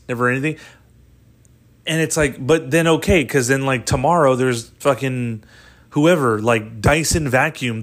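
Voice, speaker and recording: Guy rambling on his solo podcast, mid-pitched voice, lots of likes and dudes, swears a bunch, laughs a lot. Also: a bit bright. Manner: rambling, profane, laughs often. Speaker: podcast host. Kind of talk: casual solo podcast monologue.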